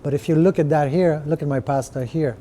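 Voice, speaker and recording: Sharing his screen, a man who owns restaurants explains his menu in a casual podcast walkthrough, peppering it with fillers and "right?" checks. He speaks a little fast in a fairly high, dark voice, and there's slight hiss or hum.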